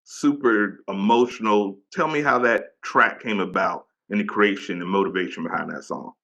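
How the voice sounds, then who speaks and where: A male podcast host with a bright, forceful voice set fairly low, chatting eagerly in a casual interview. He talks in an easy, slangy way and asks questions with a lot of praise. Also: normal speed, gravelly.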